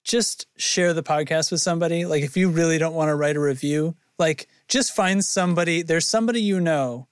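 A man's voice: on the high side, a little fast, few pauses, smooth, no room sound, studio quality. A man hosting a casual podcast outro, rambling, stumbling over names and laughing at himself. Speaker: podcast host.

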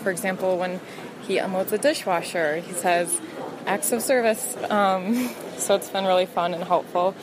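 A woman's voice: lowish voice, steady tone, moderate pace, noisy background. A woman calling in to a podcast with a friendly, chatty, upbeat message. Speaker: podcast listener caller. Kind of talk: recorded voice message.

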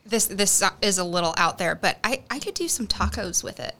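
A woman from Texas co-hosting a wine podcast, talking in a lively, enthusiastic way about tasting notes. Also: mid-range voice, brisk. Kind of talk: casual chat.

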